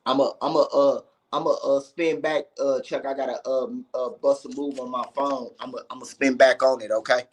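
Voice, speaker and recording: A man's voice: mid-range voice, steady tone, moderate pace, hardly any pauses. A man joining a livestream as a guest, speaking hesitantly and rambling with many fillers.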